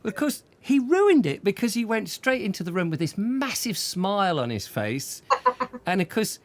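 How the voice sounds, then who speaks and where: A man hosts a casual chat show in a high-pitched voice at normal speed. Telling a lively anecdote, he chuckles often and keeps restarting his sentences.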